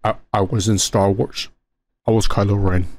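A man putting on a slow, heavy, deep voice in a mocking impression of an actor. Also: fairly even intonation, a little mellow, natural voice. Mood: mock-solemn.

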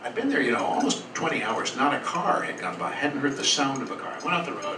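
A male storyteller tells a personal tale in an earnest, rambling way, pausing and restarting as he goes. He is heard from a distance in an echoing café, with a steady hum of noise around him. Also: medium pitch. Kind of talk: live storytelling performance. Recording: roomy, distant, noisy live café.

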